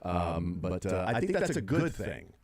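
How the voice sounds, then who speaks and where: A man's voice: low voice, very animated, measured pace, a little mellow. A middle-aged man hosting sports talk radio, rambling through his points with many fillers and restarts.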